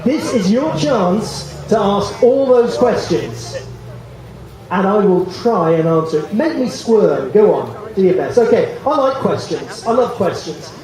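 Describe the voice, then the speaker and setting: A man preaching outdoors to a crowd, animated and joking, acting out voices from the stories he tells. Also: high-pitched. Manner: animated, jokey, acts out biblical voices. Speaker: street preacher. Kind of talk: outdoor evangelistic talk. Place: outdoors in a public square. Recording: echoey from far off.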